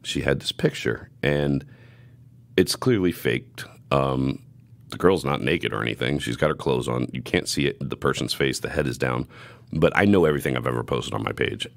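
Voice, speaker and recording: A man's voice: rumbling low, normal speed, vocal fry. A young man hosting a podcast, telling stories in a profane, laughing, casual way. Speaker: podcast host.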